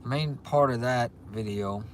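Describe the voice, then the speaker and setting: Speaking a little slowly at medium pitch, this Cajun-accented livestream host from Louisiana rambles chattily through viewer comments, frequently starting over. He's in a restaurant, and slight background noise comes through.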